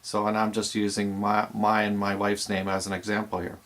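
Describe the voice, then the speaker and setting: A man's voice: fairly low pitch, monotone, moderate pace, hardly any pauses, a bit bright. A man teaching aspiring DJs in a plain, explanatory way with some fillers. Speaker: DJ instructor. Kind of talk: instructional video talk.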